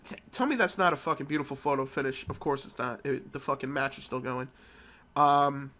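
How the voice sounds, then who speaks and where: Male gaming vlogger with a cold, loose profane storyteller, tense bright tone. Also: medium pitch, brisk. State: sick with a cold. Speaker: mobile game channel host. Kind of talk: casual gameplay commentary.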